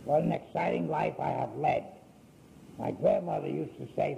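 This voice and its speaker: A man's voice: fairly high pitch, vocal fry, dark tone, slight background noise, low-quality recording. An older man telling his life story in a folksy, rambling way, acting out what people said. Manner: folksy, unhurried, acts out quoted speech.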